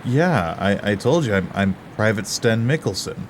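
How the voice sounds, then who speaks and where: A man's voice: fairly low pitch, lively intonation, normal speed, a little hiss or hum, close to an everyday voice. A man playing a friendly, rambling town guard in a tabletop game. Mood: easygoing.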